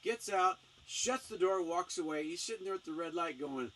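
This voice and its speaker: A man's voice: high-pitched, moderate pace. A man hosting a casual talk show, telling stories and acting out the voices in them. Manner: animated, acts out voices in anecdotes. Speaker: missionary speaker, show host. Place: small home studio. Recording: distant mic, faint background noise.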